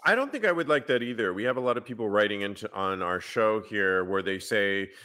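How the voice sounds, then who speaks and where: A man's voice: on the low side, lively intonation, a little fast, a crowd in the background. A man hosting a podcast, talking with enthusiasm in a casual conversation. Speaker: podcast host.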